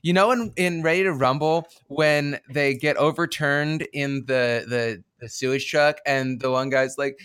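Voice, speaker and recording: A man on a casual podcast, talking quickly and eagerly to share a joke. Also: fairly high pitch, fairly bright tone, smooth. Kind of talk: casual movie discussion.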